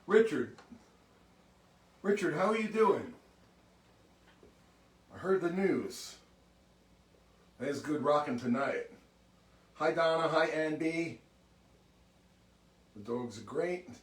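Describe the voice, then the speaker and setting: A man's voice: a little high, expressive, takes it slowly, pauses often, far from the mic. A man hosting a music livestream, chatting casually and greeting viewers one by one by name. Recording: roomy sound from off mic.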